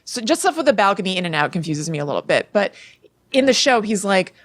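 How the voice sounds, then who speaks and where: A woman's voice: medium pitch, very animated, quick pace, no room sound, studio quality. A young woman co-hosting a podcast, casually retelling a story in a chatty way full of "like" fillers. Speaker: podcast co-host.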